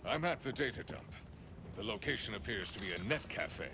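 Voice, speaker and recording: A man voicing a gruff, formal male warrior hero in a video game. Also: mid-range voice, sing-song, fairly quick, over music. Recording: game audio with background noise.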